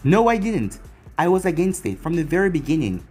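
A man voicing a calm, smug young male ninja who speaks dismissively, in a husky voice. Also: fairly high pitch, brisk, faint music behind.

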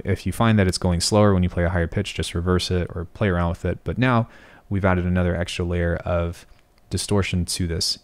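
A young man teaching sound design in a screen-recorded tutorial, thinking aloud and often correcting himself. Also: low voice. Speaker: music production tutor.

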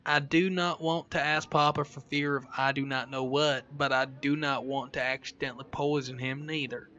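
A man's voice: medium pitch, steady tone, bright, forceful tone, dull audio, close to an everyday voice. Man reading as a secretive rural letter writer. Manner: slow, measured, old-fashioned phrasing. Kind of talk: reading a letter aloud in a put-on voice.

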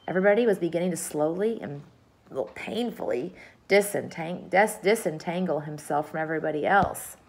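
A woman reading a children's book aloud in an expressive, lively storytelling manner. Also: sits low, fairly quick, gravelly, low-quality recording.

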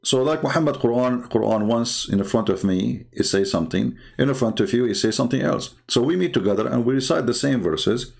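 Argumentative man with a gravelly voice. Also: medium pitch, animated, darkish tone. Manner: argumentative, halting, many fillers and restarts. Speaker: religious commentator. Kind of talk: unscripted screen-share talk.

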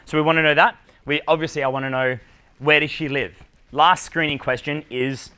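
An Australian man lectures a seminar crowd as a dating coach, with a blunt, swearing, punchy delivery. His voice is bright and forceful, pitched a bit above most men's. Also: steady tone, brisk, smooth. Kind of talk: live seminar talk. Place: conference room with live audience.

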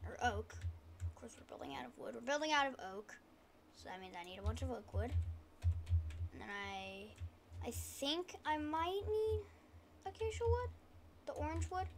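A woman gaming YouTuber giving casual, rambling gameplay commentary, talking quietly and poking fun at herself, at a desk mic at home. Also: high voice, very animated, moderate pace, long pauses, a little hiss or hum. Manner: rambling, self-deprecating, trying to talk quietly.

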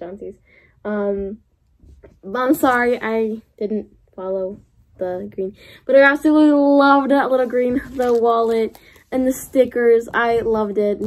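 A young woman vlogging an unboxing, gushing and gasping with excitement as she opens gifts. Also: fairly high pitch.

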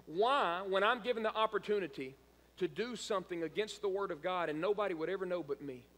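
A man's voice: high voice, fairly quick, fairly bright tone, long reverb tail. A male pastor preaching a sermon, emphatic and repeating phrases for emphasis. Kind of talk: live-streamed sermon. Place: church sanctuary.

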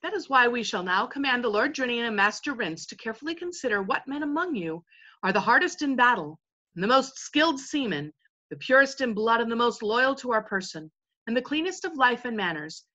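A woman's voice: on the high side, animated, fairly quick, sharp tone, lo-fi sound. A woman voicing a young king who addresses his crew in a stately, commanding manner.

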